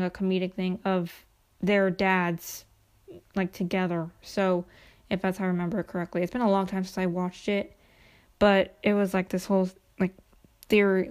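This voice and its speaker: A woman's voice: medium pitch, darkish tone. A young woman casually recapping a TV episode, chatty and gushing, with lots of "like" fillers. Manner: chatty, gushing, heavy use of "like". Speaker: show recapper.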